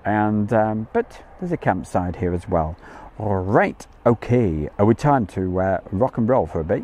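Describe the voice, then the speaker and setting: A man with a fairly low voice chats away on a live stream from an outdoor campsite field. His pitch swings widely and animatedly as he jokes and greets viewers one by one. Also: lively intonation, a little slow, dark tone. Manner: jokey, chatty, greets viewers by name. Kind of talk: casual live-stream chat.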